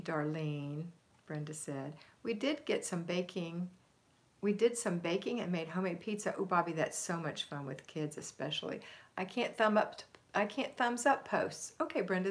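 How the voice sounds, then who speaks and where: A woman hosting a homemaking livestream, giving upbeat, emphatic motivation in a chatty coaching tone and reading viewer comments aloud to answer them. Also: medium pitch.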